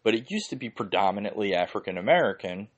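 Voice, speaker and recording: A man's voice: fairly low pitch, expressive, quick pace, dull audio. A man from Philadelphia hosting a podcast, ranting casually and heatedly with lots of swearing and "like" fillers. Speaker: podcast host.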